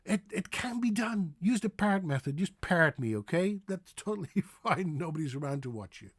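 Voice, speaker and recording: A man's voice: medium pitch, no echo, clean studio sound. A Dutch man with a Dutch accent, teaching pronunciation by drawing out and exaggerating his vowels. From Netherlands. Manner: animated, drawn-out exaggerated vowels.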